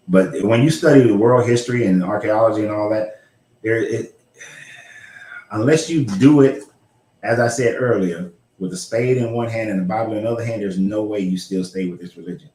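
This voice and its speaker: A man's voice: fairly low pitch, moderate pace, pauses often, a little mellow, reverberant. A man hosting a casual livestream chat, blunt and rambling, with profanity and laughs. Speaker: host.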